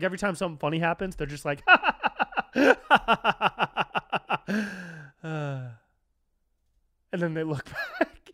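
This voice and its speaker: Smooth and on the high side, this young podcast host's voice carries an animated, swear-heavy comedic rant on his own. He leans hard on "dude" and "bro" and loose slang, captured in a dry, studio-quality recording.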